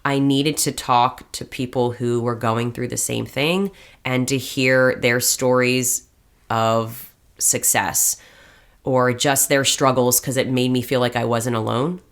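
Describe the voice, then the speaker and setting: A woman's voice: a bass voice, steady tone, slow pace. A woman in her thirties co-hosting a podcast, talking in an earnest, heartfelt way. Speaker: podcast co-host. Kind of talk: casual chat.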